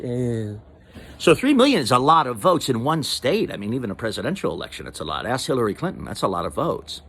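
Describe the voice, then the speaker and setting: A man's voice: medium pitch, very animated, fast, a bit bright, husky. A man hosting a comedic political monologue, rambling and interrupting himself with mock-serious asides. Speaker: comedian host.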